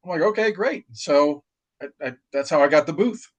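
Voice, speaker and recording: A middle-aged retired Marine from New York, telling stories in casual chat with plenty of fillers and restarts. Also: male voice, on the high side, a little fast, dull audio. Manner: rambling, many restarts and fillers. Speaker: podcast guest, retired Marine. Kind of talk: casual storytelling.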